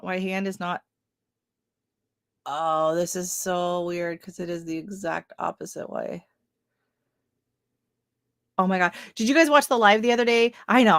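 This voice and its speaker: Woman, 30s, from Canada, gardening livestream host. Middle pitch, chatty and giggly, filler-heavy, dry webcam sound. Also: fairly bright tone, no echo. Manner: chatty storyteller, laughs often, many fillers. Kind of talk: casual livestream chat.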